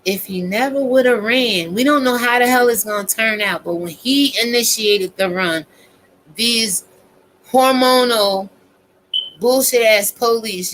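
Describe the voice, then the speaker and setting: A woman's voice: mid-range voice, a bit bright, a little hiss or hum, poor audio. A woman in her fifties ranting casually to her viewers, blunt and emphatic, cursing heavily. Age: 50s. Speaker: vlogger. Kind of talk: profane casual rant.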